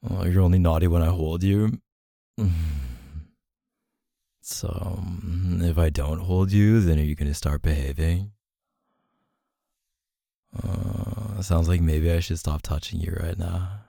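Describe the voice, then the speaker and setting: A man's voice: low-pitched, gravelly, mellow, slightly rough, no echo, clean studio sound. A man doing an audio role-play as a boyfriend, teasing and affectionate and laughing often.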